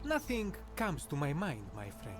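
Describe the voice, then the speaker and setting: A man's voice: fairly high pitch, wildly swooping pitch, a little slow. A man voicing a well-travelled, courteous male Greek merchant in a video game, speaking in a formal, flowery and polite way. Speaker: game character. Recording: game audio over background music.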